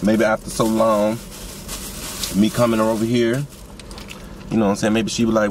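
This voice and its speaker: A young man rambles excitedly to his viewers about his new seasoning business from a parked car. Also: lowish voice, normal speed, gravelly, long pauses, a little hiss or hum. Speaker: vlogger and seasoning business owner. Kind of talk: casual car vlog while eating.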